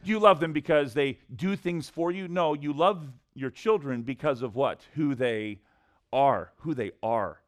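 A middle-aged man preaching a sermon, telling a personal story and acting out the voices in it. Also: measured pace. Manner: animated storyteller, acts out voices with big pitch swings. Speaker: pastor.

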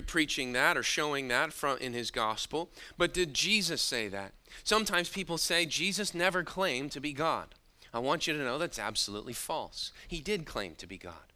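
Bright-voiced emphatic male preacher. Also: on the high side. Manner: emphatic, slowing down on key words. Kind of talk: sermon.

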